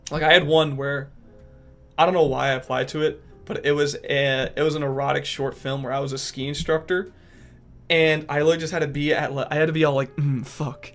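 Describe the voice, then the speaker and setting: A young man in casual chat who talks in an animated, sporadic way about trying to become a voice actor. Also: on the high side, fairly quick, faint music behind. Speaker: aspiring voice actor and podcast guest.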